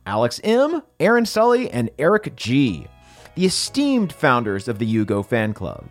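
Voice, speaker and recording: A man hosting, reading a comic list of patron credits with dry one-word asides. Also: a little high. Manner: wry, deadpan one-word asides after each entry. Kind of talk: comedic scripted credits reading.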